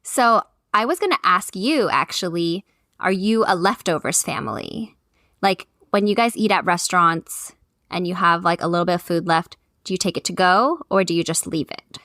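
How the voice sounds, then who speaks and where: A woman's voice: on the low side, moderate pace, fairly bright tone, dry recording, studio quality. A woman in her thirties co-hosting a podcast, chatting casually, laughing often and peppering her speech with "like.". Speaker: podcast co-host. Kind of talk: casual chat.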